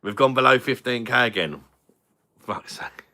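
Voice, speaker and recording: A man's voice: medium pitch, expressive, moderate pace, pushed and bright. A man chatting crudely with viewers on a beer review livestream, swearing and laughing often. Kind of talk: casual livestream chat.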